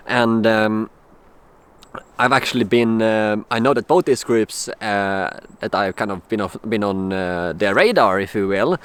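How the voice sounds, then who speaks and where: Halting young man. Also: medium pitch, clean tone. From Sweden. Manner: halting, lots of fillers and restarts, incredulous. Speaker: vlogger. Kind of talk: casual vlog monologue.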